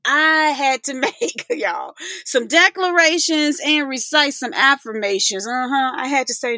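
A woman hosts her podcast in an effusive, chatty way, with laughter scattered through her talk. Her voice sits a little high and rings bright. The recording is close and dry. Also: no echo. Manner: effusive, laughing, calls listeners y'all. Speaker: podcast host. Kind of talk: casual podcast chat.

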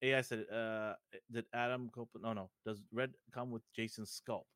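A man's voice: medium pitch, normal speed, clean tone, no echo. A middle-aged man from Fiji co-hosting a podcast, chatting casually and acting out the people in his stories. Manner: animated storyteller, acts out dialogue. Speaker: podcast co-host. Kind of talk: casual chat.

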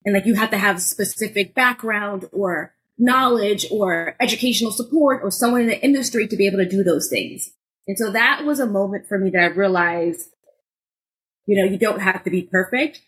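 A podcast co-host shares her own stories expressively at a moderate pace, using "like" often in a normal middle-pitched voice. She occasionally breaks into loud, high bursts to act scenes out, and the audio quality is poor.

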